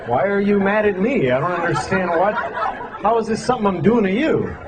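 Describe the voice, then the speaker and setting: A man's voice: high voice, lively intonation, brisk. A man doing a stand-up comedy set on a club stage, exasperated and profane, mocking himself as he talks. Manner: exasperated, profane, self-deprecating. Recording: loud crowd laughter, live club noise. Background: crowd laughter.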